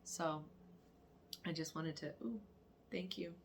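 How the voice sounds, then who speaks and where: A woman, a mother, telling a lively story in a casual spiritual vlog, acting out quotes and laughing often. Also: low voice, slow pace, a little hiss or hum. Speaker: mother of daughters.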